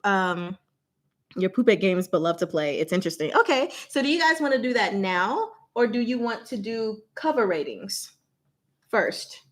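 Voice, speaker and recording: A young woman hosting a casual livestream, chatting with viewers, speaking slowly and deliberately and laughing often. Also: medium pitch, animated. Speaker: channel host.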